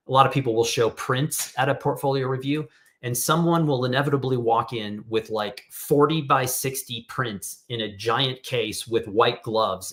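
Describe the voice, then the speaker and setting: A man's voice: medium pitch, fairly bright tone. Casual middle-aged man storytelling. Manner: casual storytelling, acts out quoted voices. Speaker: workshop host. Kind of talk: online workshop presentation. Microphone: video call.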